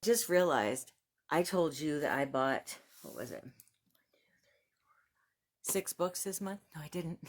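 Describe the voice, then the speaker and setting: A woman book vlogger chatting casually about new books and reading the blurbs aloud, gushing and excitable and laughing often. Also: sits low, takes it slowly, long pauses.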